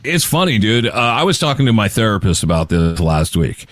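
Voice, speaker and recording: A man's voice: fairly low pitch, very animated, fairly quick, dry recording. A man in his late forties co-hosting a podcast, telling stories with laughs and the odd curse. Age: 40s. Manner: storytelling, swears, laughs often. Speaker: podcast co-host. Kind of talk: casual chat.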